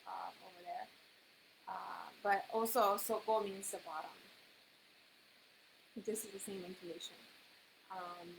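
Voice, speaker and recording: A woman teaching a language class, patient and explaining slowly with many fillers. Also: mid-range voice, gravelly. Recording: hissy background noise.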